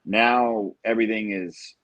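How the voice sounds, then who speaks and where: A middle-aged man, a guest actor on a podcast, talking reflectively in casual conversation with frequent pauses. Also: fairly low pitch, steady tone, fairly bright tone, no echo, poor audio.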